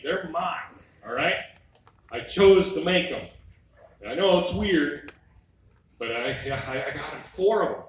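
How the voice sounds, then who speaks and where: A middle-aged man doing a stand-up comedy set in a club, wry and animated, teasing the crowd. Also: sits high, slight background noise. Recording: live club mic, echoey room, distant.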